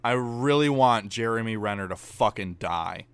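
A man's voice: lowish voice, animated, normal speed, clear, resonant tone, no echo. A young man co-hosting a podcast, blunt and sarcastic, swearing casually. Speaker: podcast co-host. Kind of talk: casual chat.

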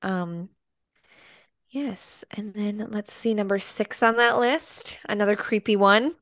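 A woman from the Midwest co-hosts a casual podcast, chatty and easily grossed out. She talks at a middle pitch and fills her sentences with "um" and "like". The recording is dry and close to the mic. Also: slow, fairly bright tone, no room sound. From American Midwest. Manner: chatty, squeamish, full of fillers. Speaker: podcast co-host. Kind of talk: casual chat.

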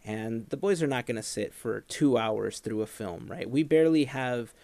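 A man in his thirties co-hosting a podcast, talking in an animated, playfully dramatic way. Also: medium pitch, normal speed, vocal fry, no echo. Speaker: podcast co-host. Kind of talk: casual chat.

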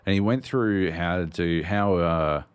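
A very deep-voiced man chatting casually on a podcast, loose and rambling with plenty of swearing. The sound is dry and close, with no room around it. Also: a little slow, clear, resonant tone, dry recording. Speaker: podcast co-host. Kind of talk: casual chat.

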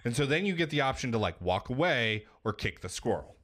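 A man on a podcast, casually retelling a video game story in an animated, profane way. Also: mid-range voice, fairly quick. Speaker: podcast co-host.

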